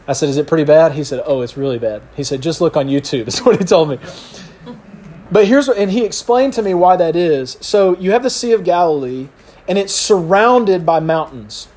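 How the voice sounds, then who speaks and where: A middle-aged man preaching a sermon, telling the story with lively acted-out quotes from the people in it. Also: fairly high pitch. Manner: animated storyteller acting out quotes. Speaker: pastor.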